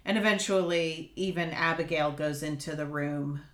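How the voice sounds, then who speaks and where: A woman co-hosting a podcast, talking through a film in a slow, thoughtful way with many fillers. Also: low-pitched. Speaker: podcast co-host. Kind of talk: casual film discussion.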